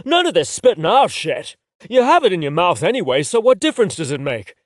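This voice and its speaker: A brash young man who says whatever he thinks, as the male narrator puts him on. His lines jump up and down in pitch. The recording is dry and close. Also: big pitch swings, no echo. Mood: shameless. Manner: blunt, shameless, quick-talking. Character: brash, blunt young man, the fake boyfriend. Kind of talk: audiobook dialogue.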